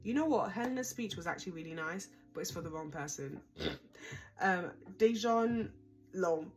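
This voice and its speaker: A woman's voice: fairly low pitch, animated, moderate pace, music in the background. A young woman casually recapping a reality show, chatty, dramatic and exasperated.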